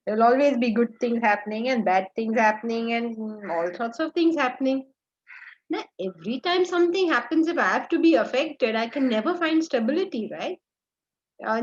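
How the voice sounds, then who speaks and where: A woman with an Indian accent teaching a scripture class in a conversational way, often checking in with her listeners and repeating phrases in lists. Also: sits high. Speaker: spiritual teacher. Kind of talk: scripture lecture. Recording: dull lo-fi recording.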